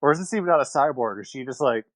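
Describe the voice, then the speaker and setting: A man's voice: medium pitch, lively intonation, very fast, no room sound. A young man co-hosting a casual podcast chat with friends, joking and drifting off on tangents. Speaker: podcast co-host.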